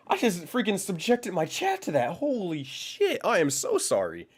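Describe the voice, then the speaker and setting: Lively, chatty young man streaming live. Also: high voice, moderate pace, few pauses, slightly rough. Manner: loose, profane, laughs often, thinks aloud. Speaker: livestream host. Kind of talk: casual live-stream chat. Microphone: condenser microphone.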